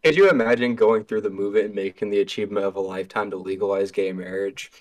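A man guesting on a casual podcast, tossing out joking asides between his points. His voice sits on the lower side. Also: steady tone, fast talker, low-quality recording.

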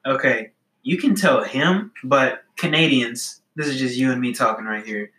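A man with a bright, clear-edged voice chats through a list of jokes with a friend, circling back and restarting his thoughts. His delivery stays playful and rambling, never scripted. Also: mid-range voice, normal speed, echoey room, rough recording. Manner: rambling, self-interrupting, playful. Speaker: co-host reading jokes. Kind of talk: casual comedic chat.

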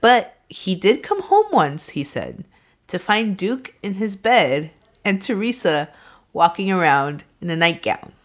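A woman's voice: medium pitch, sing-song, unhurried. A woman hosting a true-crime podcast, telling the case in casual chat, laughing often and swearing freely. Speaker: podcast host, narrator of the case.

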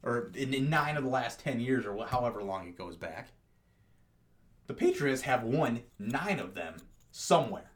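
A man's voice: medium pitch, moderate pace. A young man on a podcast, bantering casually with friends, ranting jokingly and swearing freely. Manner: lively, swearing, joking rants. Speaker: podcast co-host.

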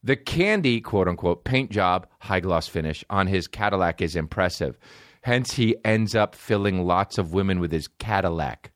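A man's voice: low voice, lively intonation, moderate pace, fairly bright tone. A man hosting a comedy podcast, riffing in a rambling, profane, jokey way. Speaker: podcast host.

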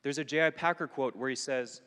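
A young adult man giving a sermon at a retreat, telling a personal story with lively asides to the listeners. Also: medium pitch, fairly quick. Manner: animated storytelling with asides to the audience. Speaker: retreat speaker. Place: hall at a retreat. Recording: long hall reverb.

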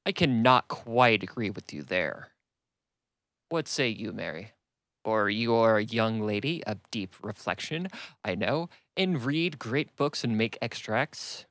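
A man's voice: lowish voice, measured pace, a bit bright, no echo. A man voicing a wry, teasing middle-aged father with a dry manner.

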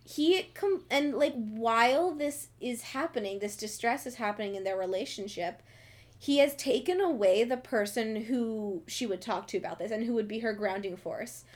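A woman's voice: fairly high pitch, moderate pace. A young woman in a casual book chat, talking animatedly with laughs and swearing. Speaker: co-host.

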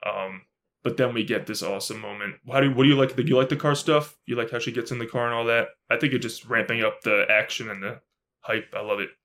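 A man co-hosting a podcast in casual chat, gushing and excitable, with lots of fillers and repeats. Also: medium pitch, quick pace. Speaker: podcast co-host.

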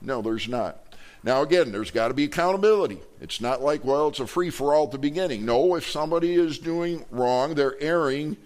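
A man's voice: on the high side, animated, fairly quick, darkish tone. A man preaching a sermon from a church pulpit to his congregation, talking in a loose, conversational way, restarting his words and joking with the people. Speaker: pastor. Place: church sanctuary.

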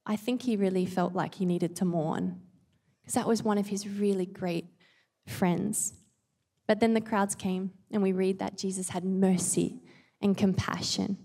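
A woman's voice: mid-range voice, steady tone, a little slow, vocal fry, warm tone. An earnest, chatty woman talks through scripture like a casual devotional, breaking in with self-aware asides. Her voice sits mid-range. It echoes with a long reverb, as if in a large hall. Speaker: devotional speaker and mother. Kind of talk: casual Bible devotional talk.

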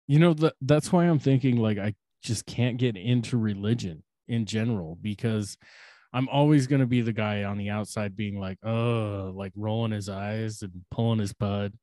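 A young man with a low voice co-hosting a podcast in a casual, rambling way. He swears freely, pokes fun at himself and laughs a lot. The sound is dry and close, with no room around it. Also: normal speed, mellow, dry recording. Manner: rambling, crude, self-mocking, laughs often. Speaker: podcast co-host.

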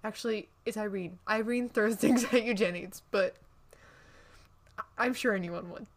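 A woman's voice: medium pitch, normal speed. Chatty gushing woman discussing books. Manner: gushing and chatty, with frequent laughs and restarts. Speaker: podcast co-host. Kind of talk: casual book chat.

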